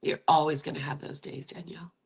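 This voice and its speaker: A woman in her fifties hosting a live-stream chat, talking gently and encouragingly as she reads out viewer comments, often dropping close to a whisper. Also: deep voice, little pitch movement, quick pace, creaky, slightly rough. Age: 50s. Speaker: livestream host.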